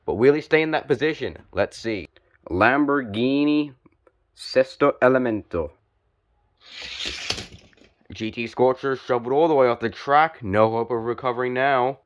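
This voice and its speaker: A young man with a medium-pitched voice calls a toy car joust play by play. He stays calm and measured, then jumps into sudden excitement whenever there's a big hit.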